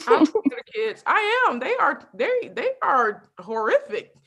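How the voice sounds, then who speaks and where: A young adult woman doing a stand-up comedy set, telling lively stories with constant asides to the crowd. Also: high voice, a little slow. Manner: lively storytelling with frequent asides and laughs.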